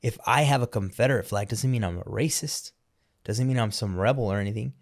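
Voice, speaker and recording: Emphatic low-voiced male podcast host. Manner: emphatic, opinionated, quick restarts. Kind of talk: casual conversational interview.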